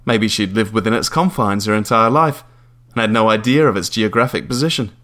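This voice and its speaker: Male narrator for a memoir audiobook; dry, deadpan wit. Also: fairly low pitch, a little fast. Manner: dry, wry understatement.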